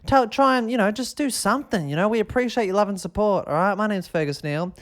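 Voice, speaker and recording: A man with an Australian accent hosting a podcast in a casual, rambling, excitable way, often tagging his sentences with a question. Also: sits high, fast talker. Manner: rambling and excitable, keeps tagging "all right?". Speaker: podcast host.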